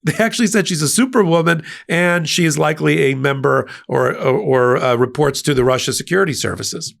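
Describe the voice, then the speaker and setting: Guy ranting about politics on his channel, gravelly voice, scornful and punchy. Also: expressive, brisk. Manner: emphatic, scornful, sweeping pitch jumps. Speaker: host of a legal-political channel. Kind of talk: political commentary monologue.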